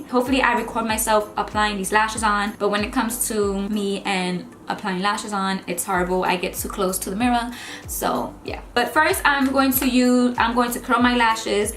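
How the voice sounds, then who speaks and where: A woman's voice: mid-range voice, a bit bright. A woman vlogger unboxing beauty products and trying them on, chatting casually and gushing over each item. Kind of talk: casual unboxing and makeup try-on. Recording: echoey room with faint music.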